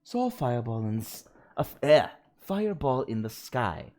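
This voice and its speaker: A man's voice: medium pitch, very animated, moderate pace, a little mellow. A man voicing a blunt, matter-of-fact young woman explorer while reading game dialogue aloud.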